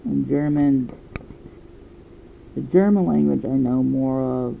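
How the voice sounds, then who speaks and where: A man's voice: mid-range voice, slow, creaky, phone-quality sound, a little hiss or hum. A man in his twenties chatting casually and rambling while he draws a comic. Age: 20s. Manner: rambling, thinking aloud. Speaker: comic artist. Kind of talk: casual chat while drawing.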